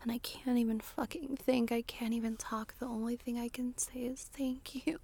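Woman, slow husky whispered intimate monologue with sighs; fairly high, gravelly voice. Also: dry recording. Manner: breathy, sighing, slow and lingering, with soft laughs. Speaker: adult audio creator. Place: small closet.

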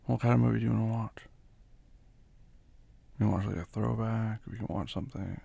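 Gravelly man in a whispered role-play. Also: fairly low pitch, fairly even intonation, brisk. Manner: soft, tender and doting, with frequent quiet laughs and murmured hums. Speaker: ASMR role-play performer as caring boyfriend.

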